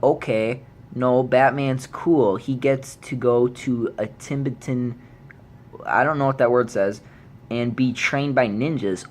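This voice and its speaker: A man vlogging an angry movie rant, swearing freely and jumping into high yells when outraged. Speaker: YouTube vlogger.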